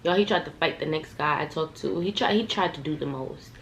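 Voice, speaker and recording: Animated young woman telling a storytime. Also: sits low, fairly quick, background noise. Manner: animated, profane, talks straight to viewers. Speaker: vlogger. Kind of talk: storytime vlog. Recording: echoey room, faint ambience.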